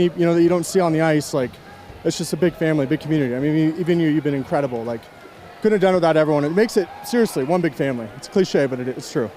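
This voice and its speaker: A man's voice: a little high, mellow, a little hiss or hum. A young man, a hockey goaltender, giving a humble and grateful post-game interview on the ice. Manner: humble, grateful, quick-talking.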